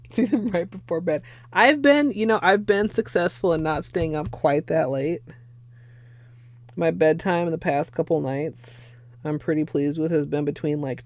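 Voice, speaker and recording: A woman's voice: deep voice, slow pace, a little mellow, no room sound. A young woman casually chatting on a livestream while painting her nails, swearing freely and laughing often. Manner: chatty and profane, laughs often, thanks viewers. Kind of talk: casual livestream chat while doing a manicure.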